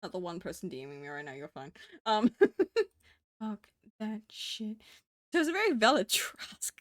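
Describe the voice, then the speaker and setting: Lively slow-talking woman streamer. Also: mid-range voice, no echo, clean studio sound. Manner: chatty, swears freely, laughs often, talks to chat. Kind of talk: casual live-stream chat.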